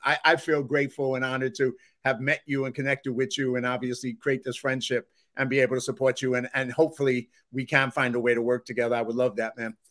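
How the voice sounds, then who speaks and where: A man's voice: mid-range voice, level tone, quick pace, hardly any pauses, a bit bright. A man with a New York accent hosting a podcast in casual, friendly chat. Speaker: podcast host.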